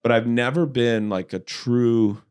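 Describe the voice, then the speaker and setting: A man, a comedian guest, in casual chat, telling animated stories and slipping into voices. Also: mid-range voice, measured pace, clean tone. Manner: animated storyteller, slips easily into voices.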